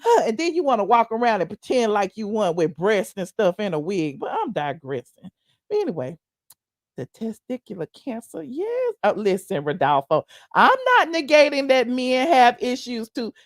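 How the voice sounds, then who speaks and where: A woman hosting a casual livestream, chatting to viewers in a sassy, animated, digressive way. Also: a little high, normal speed, dry recording, studio quality. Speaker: livestream commentary host. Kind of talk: casual commentary reading viewer chat.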